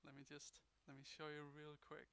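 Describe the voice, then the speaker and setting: A man speaks on a convention panel, joking and poking fun at himself. His voice is bright and gravelly, with a crisp, clear tone. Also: fairly high pitch, completely flat delivery, a little fast. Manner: self-mocking, jokey. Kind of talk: live panel talk.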